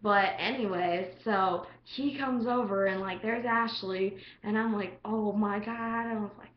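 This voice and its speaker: A teenage girl telling a story in a casual vlog, chatty and full of "like," acting out quotes with big jumps in pitch. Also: steady tone, a little slow, roomy sound, highs cut off, a little hiss or hum. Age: teens. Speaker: vlogger.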